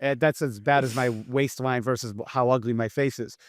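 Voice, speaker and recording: A man's voice: medium pitch, fairly even intonation, moderate pace. A man with a slight lisp, co-hosting a podcast in brash, teasing, profane casual chat. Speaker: podcast co-host.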